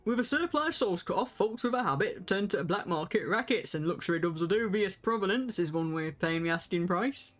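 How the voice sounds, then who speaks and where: A woman voicing Hildibrand, a gravelly, gruff northern male inspector in a game, talking like a hard-boiled detective. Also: mid-range voice, animated, fairly quick, few pauses, faint music behind, pitched below the performer's own voice, lightly acted.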